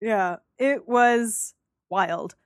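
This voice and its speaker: A woman co-hosting a casual podcast chat about a TV episode, animated, often acting out lines and laughing. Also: mid-range voice, very slow, no room sound, clean studio sound. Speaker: podcast co-host.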